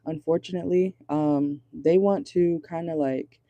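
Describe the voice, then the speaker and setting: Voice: mid-range voice, steady tone, measured pace, mellow, dry recording, lo-fi sound. A chatty tarot reader giving a casual, blunt reading from inside a car, swearing freely and laughing often.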